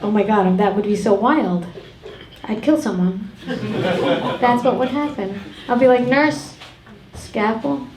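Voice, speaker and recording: A woman's voice: medium pitch, a little slow, long pauses. A middle-aged woman doing a brash, profane stand-up set on a comedy club stage. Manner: brash, profane, ranting delivery. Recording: echoey club with loud crowd.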